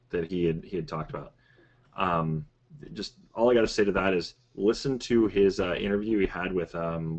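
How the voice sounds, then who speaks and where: Deep-voiced rambling male podcast guest. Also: darkish tone. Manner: rambling, digressive, conversational. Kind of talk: casual podcast discussion.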